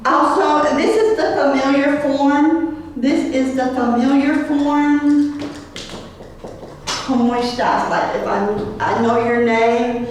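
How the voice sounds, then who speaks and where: A woman teaches a Spanish class, patiently modeling words and having the students repeat them. Her voice is high, slow, and fairly even in intonation. The room is echoey, the mic is far away, and there's slight background noise.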